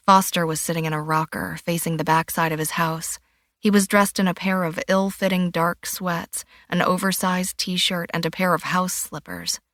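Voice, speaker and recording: A woman with a low voice narrates a thriller audiobook, steady and measured. The recording is close and dry, with no room sound around her. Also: dry recording. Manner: even, measured storytelling.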